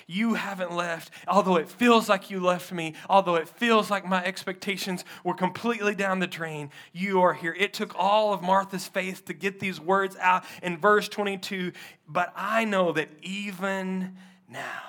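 A man preaches a sermon to his congregation in a high, bright voice. He swings from hushed near-whispers to loud, urgent pleading, with call-outs to the crowd. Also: normal speed. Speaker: pastor.

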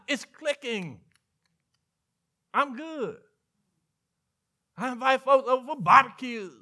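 High bright-voiced Southern preacher. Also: male voice, lively intonation, slow, long pauses. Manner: preaching with call-and-response asides and playful mock dialogue. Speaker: pastor. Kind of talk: sermon.

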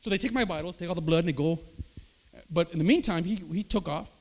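A man preaching, telling his own testimony story with animated storytelling and acted-out voices. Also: a little high, fast talker. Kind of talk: sermon testimony.

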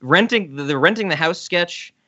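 A man co-hosting a podcast, chatting casually about comedy sketches, laughing often and letting his words trail off softly. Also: on the high side, expressive, normal speed, no echo, highs cut off. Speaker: podcast co-host. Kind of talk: casual chat reviewing sketches.

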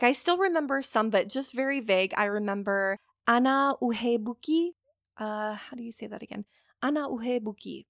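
A woman's voice: medium pitch, creaky, no echo, studio quality. A woman in her forties, hosting a casual solo podcast and rambling candidly with plenty of swearing. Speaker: podcast host.

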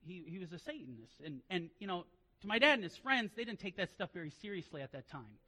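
A man preaching a sermon as pastor, telling stories in quiet asides and then rising into loud, emphatic preaching. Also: high voice, very animated, fast talker, rough recording.

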